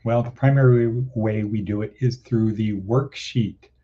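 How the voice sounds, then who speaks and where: A man's voice: on the low side, fairly even intonation, unhurried, muffled recording. A man hosting his daily morning podcast in a rambling, casual way, repeating phrases for emphasis. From Nevada. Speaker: podcast host.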